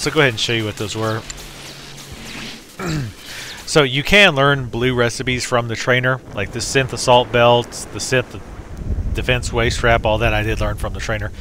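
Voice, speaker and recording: Bright-voiced man doing gameplay commentary. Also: medium pitch, normal speed, a little hiss or hum. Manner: rambling, jokey, talks while playing. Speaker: let's play host.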